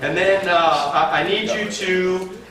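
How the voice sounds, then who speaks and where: A man leads a motivational sales training, slangy and energetic, calling out chants for the audience to shout back. His voice sits a little high. The mic is set back from him, and the meeting room gives off heavy echo under a faint hiss. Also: takes it slowly, crowd noise. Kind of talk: live motivational training seminar. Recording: very echoey room from a distance, faint noise.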